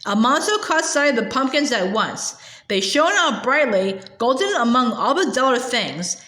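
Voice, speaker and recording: A woman's voice: a little high, very animated, normal speed, fairly bright tone, roomy sound. A woman reading a children's novel aloud. Her reading is hesitant, with frequent filler sounds and stumbles. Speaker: storybook reader.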